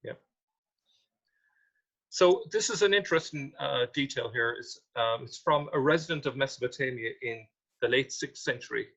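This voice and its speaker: A man's voice: mid-range voice, moderate pace, creaky, fairly bright tone, highs cut off. A man presenting a history talk with slides, reading out old quotations and questioning what they mean. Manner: reads quotations aloud, then questions them.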